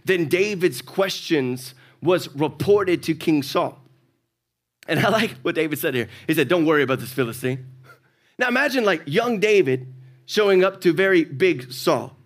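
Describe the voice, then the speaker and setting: A man's voice: high-pitched, a little slow. A male pastor with a Southern US accent, preaching a sermon and acting out the characters in his stories. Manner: animated storytelling, acts out characters.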